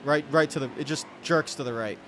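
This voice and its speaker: A man's voice: on the high side, fairly quick, fairly bright tone, a little hiss or hum. A man commentating his own racing gameplay, rambling and cutting himself off as he rants in frustration. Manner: rambling, self-interrupting, exasperated rants. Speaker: gaming channel host. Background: game music and car engine sounds.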